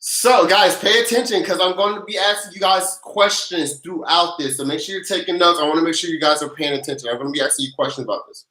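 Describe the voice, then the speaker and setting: An energetic livestream host who recaps tax and stimulus news, greets viewers by name and leads playful chants and countdowns in casual slang. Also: medium pitch, echoey room, poor audio.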